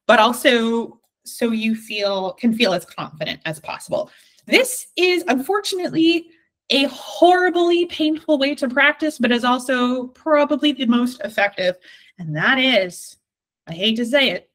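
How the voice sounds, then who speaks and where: Woman, Valley Girl accent, slightly high voice; encouraging workshop speaker, chatty with plenty of ums. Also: a bit bright. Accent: Southern California Valley Girl. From Southern California. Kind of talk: livestreamed workshop talk.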